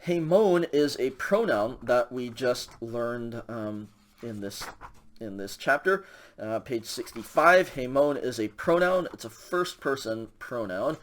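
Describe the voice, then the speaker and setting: A man's voice: mid-range voice, expressive, slow pace, fairly bright tone, slight background noise. A man teaching a recorded language lecture, walking through grammar patiently with frequent ums and okays. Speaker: Greek instructor.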